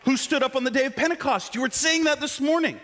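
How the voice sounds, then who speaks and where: Male preacher, high lively voice, jokey and animated, long church reverb. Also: quick pace, a faint crowd, a little hiss or hum. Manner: animated, joking, self-deprecating asides. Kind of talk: sermon. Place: church sanctuary.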